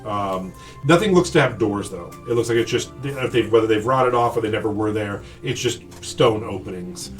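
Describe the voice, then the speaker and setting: A man's voice: lowish voice, normal speed, far from the mic, faint music behind. A man running a tabletop game as game master, describing scenes with frequent ums and restarts. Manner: hesitant, lots of ums and restarts.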